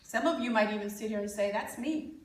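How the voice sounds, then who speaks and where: A woman giving a conference talk, an animated storyteller who coaches parents and jokes with her audience. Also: fairly high pitch, a little fast, echoey room, recorded from a distance, low-quality recording. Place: conference hall.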